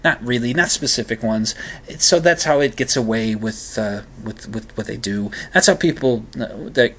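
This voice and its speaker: A man's voice: mid-range voice, moderate pace, fairly bright tone. A man talking casually in a rambling monologue, with frequent fillers and restarts and a wry, skeptical tone.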